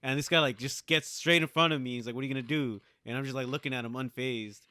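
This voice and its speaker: A man co-hosting a podcast with a bright, forceful voice. He tells stories with animation and a freely swearing tongue, his tone crisp and smooth in a dry, close recording. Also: mid-range voice, quick pace, no room sound. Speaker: podcast co-host. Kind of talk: casual chat.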